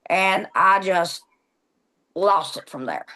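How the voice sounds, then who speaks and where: A grieving mother of a victim recounts losing her son in a documentary interview, reenacting what was said. Her voice is lowish, slow, and sharp in tone.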